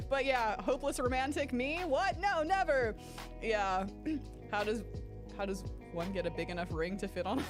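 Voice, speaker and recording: A fairly high-voiced woman chatting through a game playthrough, rambling from thought to thought and swearing freely. Her storytelling is animated, with sudden leaps upward in pitch. Game music plays clearly behind her. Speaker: gaming YouTuber. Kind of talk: casual chat during a game playthrough.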